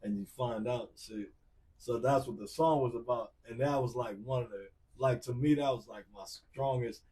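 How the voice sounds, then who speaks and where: A man's voice: medium pitch, moderate pace, far from the mic. A man in his forties, an R&B singer telling stories in casual talk, acting out the people in them. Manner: animated, acts out voices of people in his stories. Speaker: R&B singer, podcast guest. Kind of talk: casual storytelling.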